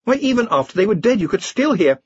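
An earnest young wizard scholar, played by a man, eager to explain, his voice lifted high and husky. Dry, muffled audiobook sound. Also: sing-song, fast talker, no echo, full character voice.

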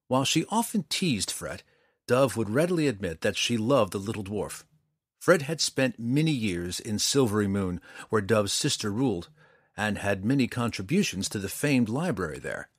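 A man narrating a fantasy story in an expressive storytelling manner. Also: fairly low pitch, breathy edge, no echo, clean studio sound. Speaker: audiobook narrator.

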